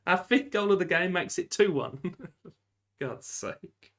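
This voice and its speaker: A man giving lively, casual commentary while playing a football management game, often shouting at the referee and laughing. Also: high voice, slow. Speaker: gaming YouTuber.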